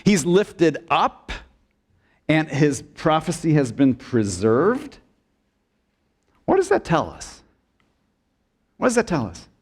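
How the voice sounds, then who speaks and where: A man preaching a sermon in a church sanctuary, his fairly high voice swinging widely as he stresses his points. He speaks slowly and deliberately, stopping to put questions to the congregation and inviting them to answer aloud. At key moments he drops to a low, quiet delivery. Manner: asks the congregation questions and prompts call-and-response; expressive preaching, dips low and soft for emphasis. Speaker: pastor.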